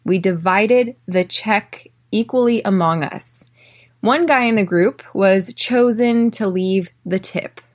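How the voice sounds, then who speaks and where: An American woman hosting an English-learning podcast, telling personal stories and drilling phrases slowly for listeners to repeat. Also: medium pitch. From United States. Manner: clear, slow drilling in repeat-after-me phrases; chatty, often tags lines with "right?". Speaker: podcast host and English teacher. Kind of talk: podcast lesson.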